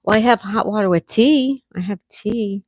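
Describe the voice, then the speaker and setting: A woman's voice: medium pitch, normal speed, no room sound, clean studio sound. Chatty woman greeting her viewers. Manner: chatty, greets viewers by name, scolds her dog gently. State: clearing throat, sore throat coming on. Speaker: livestream host. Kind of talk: casual chat with live viewers.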